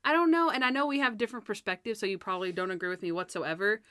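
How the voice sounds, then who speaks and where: Brief: woman co-host, chatty and giggly, mid-pitched, dry close-miked podcast sound. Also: racing, fairly bright tone, clean tone, no room sound. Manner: chatty, laughs often, mimics characters. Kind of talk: casual episode review chat.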